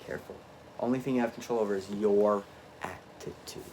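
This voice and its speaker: A man in an unscripted, rambling monologue, swinging between low muttering and emphatic outbursts and often cutting himself off mid-thought. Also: fairly even intonation, a little fast, darkish tone, a little hiss or hum. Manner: frequent self-interruptions and restarts. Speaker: vlogger.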